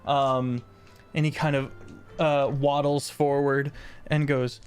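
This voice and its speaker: A man narrating a tabletop role-playing game as game master, halting with many fillers. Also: medium pitch, level tone, faint music behind.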